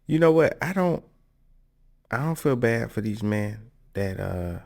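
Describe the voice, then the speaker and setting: A man with a very low, gravelly voice gives casual commentary as a podcast host. He talks at an unhurried pace and is blunt and candid, laughing between his points. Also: expressive, darkish tone. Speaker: podcast host reacting to clips.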